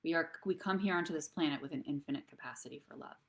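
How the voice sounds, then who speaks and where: Female host with a low voice, earnest and encouraging, speaks to camera for a live online show. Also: very fast. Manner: earnest, encouraging, addresses viewers directly. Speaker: host and therapist.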